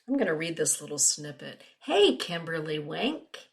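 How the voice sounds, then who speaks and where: A woman's voice: low voice, very animated, moderate pace, gravelly. A middle-aged woman, a spiritual teacher, chatting casually with viewers and reading oracle card passages. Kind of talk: casual webinar chat.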